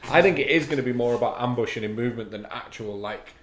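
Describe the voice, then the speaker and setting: A man's voice: mid-range voice, quick pace. A man from Ireland co-hosting a live hobby stream, chatting casually, reading viewer comments aloud and laughing easily. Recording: roomy with faint background noise.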